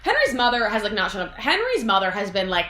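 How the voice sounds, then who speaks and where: A woman's voice: medium pitch, wildly swooping pitch, fast talker, fairly bright tone, reverberant, a little hiss or hum. A young woman casually retelling a story to a friend, full of fillers, with acted-out quotes. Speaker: vlogger explaining a story plot. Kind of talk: casual chat.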